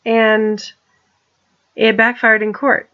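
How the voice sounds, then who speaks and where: A woman's voice: fairly high pitch, level tone, slow, muffled recording. A woman talking in a rambling personal monologue, restarting her sentences and turning pointed and accusing. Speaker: vlogger.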